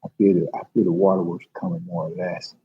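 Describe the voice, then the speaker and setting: A man's voice: sits low, flat delivery, quick pace, vocal fry, slightly rough. A man in a public library rambling emotionally and confessionally on a livestream to his viewers. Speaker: vlogger. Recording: dull lo-fi livestream audio.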